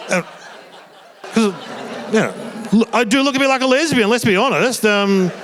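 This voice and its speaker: A man's voice: sits high, moderate pace, fairly bright tone, a faint crowd. An Australian man in his fifties doing a stand-up comedy routine on a theatre stage, telling a rambling story with stammered restarts. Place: theatre stage before a live audience.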